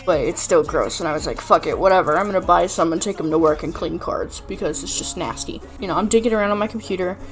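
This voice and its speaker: A woman's voice: fairly low pitch, fast, few pauses, faint music behind. A young woman streamer telling a rant in casual chat, exasperated and swearing often.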